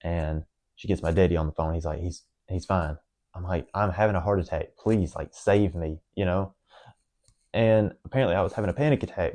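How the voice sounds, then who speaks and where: A man's voice: sits low, brisk, warm tone. Earnest young man confessing. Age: young adult. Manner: rambling, earnest, frequent fillers and restarts. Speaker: vlogger. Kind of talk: emotional personal confession to camera.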